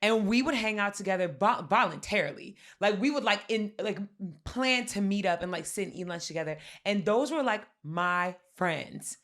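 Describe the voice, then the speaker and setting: A woman's voice: mid-range voice, animated, normal speed, hardly any pauses, fairly bright tone. A young adult woman co-hosting a podcast, telling personal stories candidly with lots of "like" and casual swearing. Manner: candid storytelling, heavy filler "like", swears freely. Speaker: podcast co-host. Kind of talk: casual chat.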